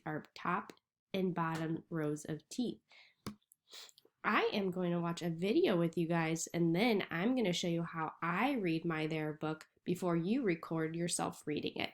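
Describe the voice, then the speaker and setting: A woman teacher speaks slowly and patiently, sounding out each letter for young readers. Her voice sits a little low for a woman, with a steady, unhurried pace. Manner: slow, clearly sounding out letters. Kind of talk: reading lesson for young children.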